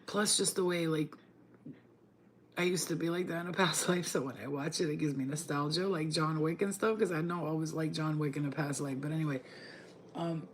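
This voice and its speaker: A woman's voice: low voice, fairly even intonation, a little fast, slight background noise. A woman vlogger chatting casually to her viewers, rambling in slang and sliding into baby talk with her dog. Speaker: spiritual vlogger. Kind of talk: casual chat to camera.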